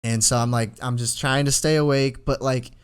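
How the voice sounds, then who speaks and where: A man's voice: mid-range voice, normal speed, clean tone. A man in his twenties, a podcast co-host, telling a long story in casual chat, with many restarts. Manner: rambling storyteller, many restarts, animated when quoting himself.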